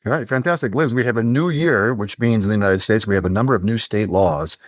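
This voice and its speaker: A man co-hosting a podcast in casual chat, chatty and quick to laugh. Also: fairly low pitch, no echo, clean studio sound. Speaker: podcast co-host.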